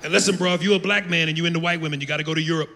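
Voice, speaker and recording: A man doing a brash, profane stand-up set on a comedy club stage, with loud acted-out voices. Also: fairly high pitch, steady tone, very fast, creaky, some chatter behind. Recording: live club with long reverb, noisy.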